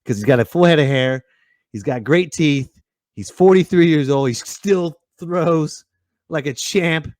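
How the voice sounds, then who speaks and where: A man's voice: fairly high pitch, measured pace, darkish tone, no echo, studio quality. A middle-aged man hosting a live podcast in casual chat, joking and laughing often. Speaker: podcast host.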